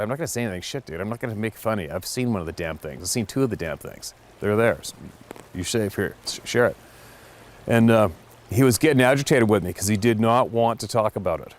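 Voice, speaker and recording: Male storyteller, low voice, blunt and salty, animated casual retelling. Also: moderate pace. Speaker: storyteller host.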